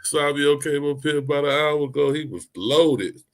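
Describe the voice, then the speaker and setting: A man co-hosting a show, telling animated stories in casual chat, often mimicking others and laughing. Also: fairly high pitch, moderate pace. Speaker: podcast co-host.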